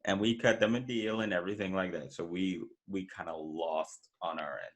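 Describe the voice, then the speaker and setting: A man hosting a podcast chat, telling a work story in a laid-back, measured way. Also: low-pitched, fairly even intonation. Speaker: podcast host, wedding photographer. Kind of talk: casual interview chat.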